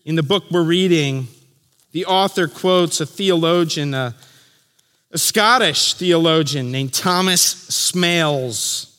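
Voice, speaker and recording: Slow, earnest pastor in a reverberant hall. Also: male voice, a little high, clear, resonant tone. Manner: slow and earnest, dropping soft at line ends. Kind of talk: sermon. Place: church chapel.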